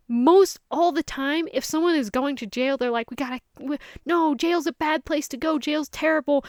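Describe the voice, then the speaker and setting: A woman giving a casual, animated film review, ranting and acting out characters' lines as she goes. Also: high-pitched, dry recording, studio quality. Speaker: movie reviewer.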